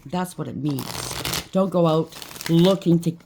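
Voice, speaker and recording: A woman's voice: lowish voice, measured pace, noisy background. A woman giving a rambling, chatty collective tarot reading, preaching and thinking aloud with frequent asides. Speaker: tarot reader.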